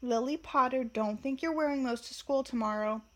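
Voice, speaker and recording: A woman's voice: high voice, moderate pace, fairly bright tone. A woman reading the lines of a firm, busy mother scolding her children.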